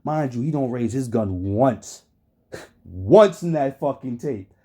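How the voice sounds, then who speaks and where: Hyped up streamer guy, swings his pitch all over, cusses nonstop, slangy. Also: takes it slowly. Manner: animated, swears constantly, laughs often, slangy. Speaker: streamer reacting to a trial. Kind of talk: profane casual commentary.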